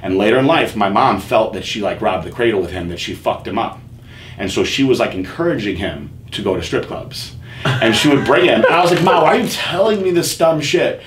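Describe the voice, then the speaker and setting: A man's voice: on the low side, expressive, fairly quick. Male podcast host, candid and profane, casual storyteller, echoey room, faint hiss.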